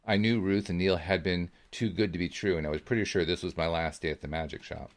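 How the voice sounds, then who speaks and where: Low-voiced man reading a story aloud. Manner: measured, steady first-person narration. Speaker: podcast host reading a book aloud. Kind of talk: audiobook-style reading.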